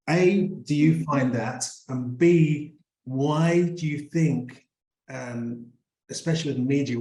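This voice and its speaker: A man's voice: medium pitch, darkish tone. A man hosting an interview, asking long, rambling questions full of ums and restarts. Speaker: interview host. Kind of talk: conversational interview. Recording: echoey room.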